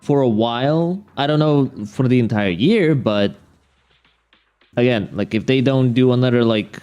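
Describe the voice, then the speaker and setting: A man's voice: medium pitch, unhurried, darkish tone, clear, resonant tone, soft background music. A young man streaming games, ranting casually, profane and exasperated, rambling with many restarts. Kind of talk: casual livestream rant.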